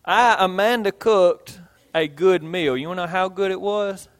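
Male preacher, high tenor, folksy storytelling sermon delivery. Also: measured pace. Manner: folksy, illustrates with homey stories and repetition. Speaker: pastor.

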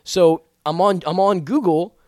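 A man's voice: high voice, unhurried, a little mellow, no echo, clean studio sound. A man co-hosting a casual comedy podcast, telling a self-mocking, profane story in a rambling way. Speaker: podcast co-host.

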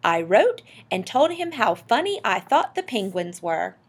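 An enthusiastic, dreamy husband from a storybook talks eagerly and excitably, as a woman reader puts him on. The voice is husky and lively in pitch. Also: unhurried.

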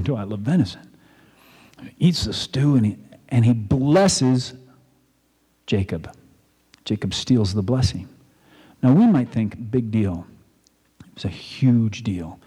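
A man's voice: medium pitch, lively intonation, normal speed, pauses often, warm tone, slightly rough. A man pastor preaching a sermon, retelling a story in a conversational way and acting out the quotes. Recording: long reverb in a large hall.

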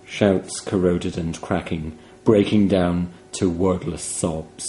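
A man reading a horror story aloud in a grave, hushed, measured way. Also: low-pitched, steady tone, slight background noise. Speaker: narrator.

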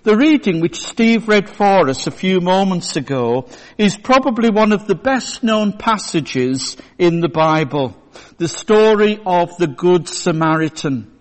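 A male pastor giving a sermon in a church, telling a story in a measured way. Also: sits high, expressive. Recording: long church reverb.

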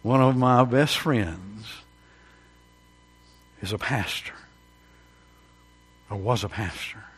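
Husky preacher in echoey hall. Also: male voice, lowish voice, takes it slowly, pauses often. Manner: preaching with sudden loud peaks and hushed drops, calls to the congregation. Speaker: pastor. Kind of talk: sermon. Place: church during an evening service.

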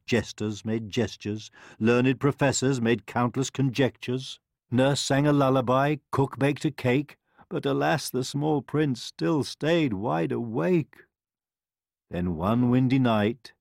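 Slow, expressive storybook narrator man. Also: mid-range voice, no echo, studio quality. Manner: expressive, sing-song. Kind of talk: rhyming storybook read-aloud.

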